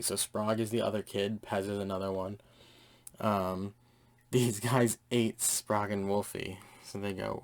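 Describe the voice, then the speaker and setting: Gravelly low-voiced young man rambling excitedly. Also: moderate pace. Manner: rambling, enthusiastic, heavy on fillers. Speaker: comic book reviewer. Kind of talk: casual comic review.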